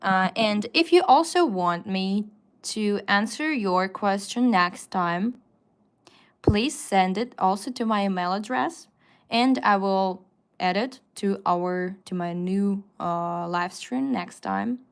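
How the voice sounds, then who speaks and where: Slow-paced woman teaching on a live stream. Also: mid-range voice, clear, resonant tone. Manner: slow, patient explaining with frequent fillers. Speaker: Russian language teacher. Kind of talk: live-stream language lesson. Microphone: phone.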